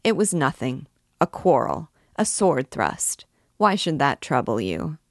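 A vain young captain, read aloud by a woman, brushes questions aside in a breezy, offhand way. The voice is low and the sound is dry and close. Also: lively intonation, a little slow, dry recording. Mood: evasive. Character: vain, evasive young army captain, male.

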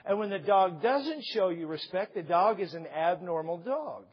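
A man preaching a sermon, animated, acting out parents and children, sometimes raising his voice to a shout. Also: sits high, moderate pace, slightly rough. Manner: raises voice to a shout at points. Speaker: pastor. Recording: dull lo-fi recording.

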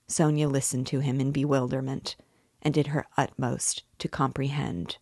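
A woman narrating a classic novel aloud in a measured, deliberate reading. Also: rumbling low, little pitch movement, darkish tone, slightly rough, no echo, clean studio sound. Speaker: reader and guide.

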